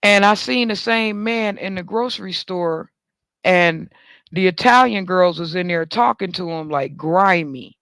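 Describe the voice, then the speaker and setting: A man with a high, light voice spins a casual story as host of a talk show. He talks with animated swings, jumping higher when he jokes about himself. The sound is close and dry, with no room around it. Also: measured pace, clean tone, dry recording.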